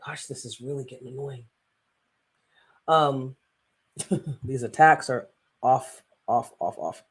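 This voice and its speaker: A man's voice: medium pitch, takes it slowly, husky. A man hosting a casual live stream as a coach, rambling and preachy with self-interruptions, who recites psalms aloud.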